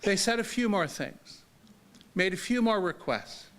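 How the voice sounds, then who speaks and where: A man's voice: high-pitched, lively intonation, a little slow, fairly bright tone. An older man giving a talk as a disability advocate, telling a story in a conversational, humorous way and often checking in with "okay?".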